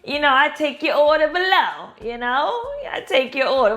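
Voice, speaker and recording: A woman's voice: sits high, lively intonation, normal speed, fairly bright tone. A young woman with a Baltimore accent, chatting casually to her viewers in a lifestyle vlog. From Baltimore, Maryland. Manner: chatty, addresses viewers as "girl" and "y'all". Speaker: lifestyle vlogger.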